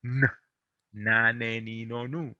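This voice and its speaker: A man from America, teaching pronunciation in English, patiently drilling syllables and gently encouraging. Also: mid-range voice, level tone, dry recording, dull audio. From Latin America. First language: Spanish. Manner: patient, drills syllables slowly and repeats them; encouraging, gently corrects and reassures. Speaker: Spanish teacher. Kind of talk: online pronunciation lesson.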